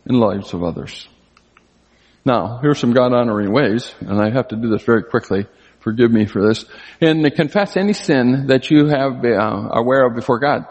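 Older husky-voiced man preaching in a reverberant hall. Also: darkish tone. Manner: earnest, conversational, pitch jumps up for emphasis. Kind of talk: sermon.

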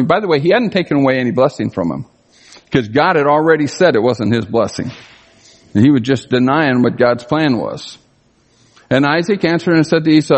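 A man's voice: mid-range voice, animated, normal speed. Man preaching in an echoing hall. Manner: reads scripture then comments conversationally, emphatic swings. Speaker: pastor. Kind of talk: expository sermon. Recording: long reverb of a large hall.

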